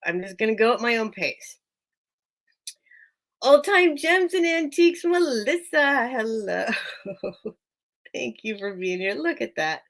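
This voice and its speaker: A woman's voice: mid-range voice, gravelly, a bit bright. An American woman hosting a live sale stream, chatting casually with viewers by name and laughing often.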